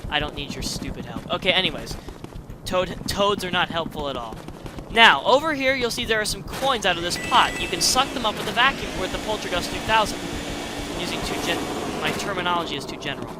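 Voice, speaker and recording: A man's voice: high voice, lively intonation, fairly quick, background noise. A young man giving casual, rambling gameplay commentary with many fillers and restarts, as a let's player. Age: young adult. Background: game music.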